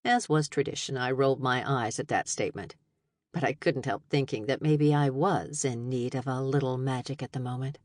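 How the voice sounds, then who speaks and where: A woman narrating a first-person audiobook in an expressive, wry storytelling manner. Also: very deep voice, normal speed, no echo. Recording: dry studio narration.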